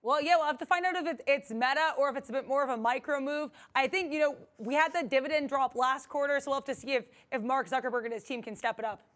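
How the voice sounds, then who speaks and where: Fast-talking, high-voiced woman co-host. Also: fairly bright tone. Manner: quick, friendly replies. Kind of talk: casual chat.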